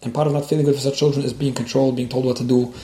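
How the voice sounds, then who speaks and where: A man's voice: medium pitch, flat delivery, very fast, mellow. A man teaching a class on child education, mixing stories into the lesson, often repeating words as he restarts. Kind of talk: lecture with storytelling. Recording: echoey room, faint background hiss.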